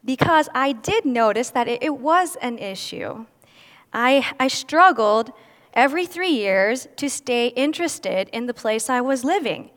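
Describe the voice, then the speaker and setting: A woman's voice: a little high, animated, unhurried, a bit bright. A woman giving a candid personal testimony at a church service, with self-deprecating humor. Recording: long reverb of a large hall.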